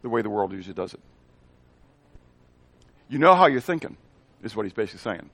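A man's voice: on the low side, very animated, brisk, a bit bright, dry recording. A male pastor preaching a sermon, often asking the congregation questions and answering them himself, with playful asides in made-up words.

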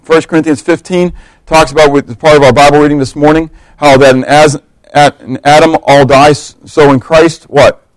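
A man preaching a lively, story-driven sermon. His voice sits a bit high and sounds close and dry. He jumps into different voices for the people in his stories. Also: normal speed, dry recording, low-quality recording. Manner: animated storytelling, acting out quotes, humorous asides.

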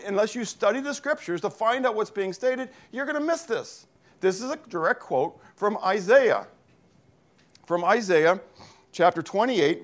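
Male pastor, from Pennsylvania, slightly higher voice, teaching sermon with lots of "okay?" check-ins. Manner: reads scripture aloud and explains Greek words. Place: church.

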